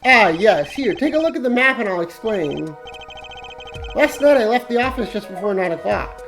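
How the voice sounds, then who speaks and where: A woman putting on a laid-back, teasing father with a low, dry delivery that shifts freely in tone. Game music plays behind him as the lines are read on stream. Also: big pitch swings, moderate pace. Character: weary laid-back father, adult man, jokey. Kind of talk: reading game dialogue aloud on a stream.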